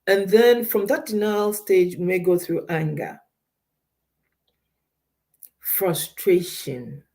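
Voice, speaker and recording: Emphatic woman counselor, mellow voice. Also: on the low side. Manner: emphatic, repeats key points, direct advice to listeners. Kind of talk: counseling talk on a radio show.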